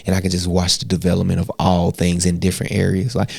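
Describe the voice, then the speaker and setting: A man co-hosting a podcast in casual chat, a rambling, animated storyteller who swears freely. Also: sits low, quick pace, vocal fry, dry recording. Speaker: podcast co-host.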